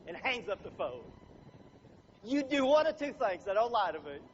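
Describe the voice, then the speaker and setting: A middle-aged man giving a seminar talk to a live audience, animated and jokey, acting out little scenes. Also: high-pitched, normal speed, slight background noise. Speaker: motivational speaker. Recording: dull lo-fi recording, faint ambience.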